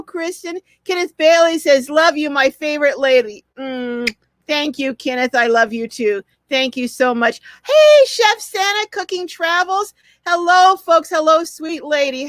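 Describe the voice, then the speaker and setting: A woman's voice: high voice, pushed and bright, no room sound. An older woman hosting a live stream, reading viewer comments aloud and greeting each viewer with effusive chatter.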